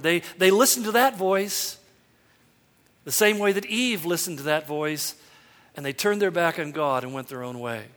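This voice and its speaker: A man's voice: high-pitched, a bit bright, in a large hall. A man preaching a sermon in an earnest way, quoting lines and asking the listeners rhetorical questions. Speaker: pastor.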